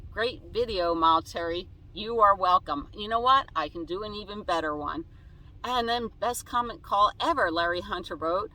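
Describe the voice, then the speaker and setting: A woman's voice: medium pitch, normal speed, pushed and bright, low-quality recording. A woman vlogger chatting casually inside her van, reading viewer comments aloud and answering each one. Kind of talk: casual chat.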